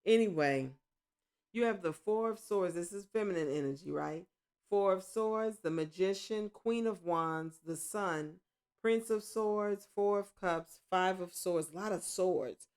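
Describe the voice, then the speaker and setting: A woman giving a casual tarot reading at home, rambling and correcting herself, with excited exclamations. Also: medium pitch, unhurried, smooth. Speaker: tarot reader.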